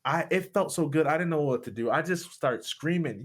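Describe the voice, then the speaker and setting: A pastor from Michigan, appearing as a guest speaker, shares a personal story in an interview with growing passion. His voice sits on the high side and is a bit bright, moving at a moderate pace with hardly any pauses and rising sharply at its peaks.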